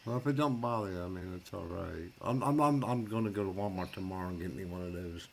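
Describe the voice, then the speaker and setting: A man's voice: low voice, fast talker, vocal fry, a little mellow, slight background noise. A man in casual chat on a live stream, easygoing and plain-spoken with folksy grammar.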